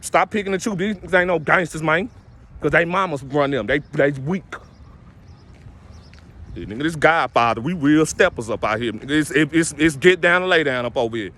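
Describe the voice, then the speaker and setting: Young man, twenties, ranting vlog, blunt street slang, preachy, slightly high voice, in a vehicle. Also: fairly quick, fairly bright tone. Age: 20s. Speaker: vlogger. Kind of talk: ranting monologue to camera.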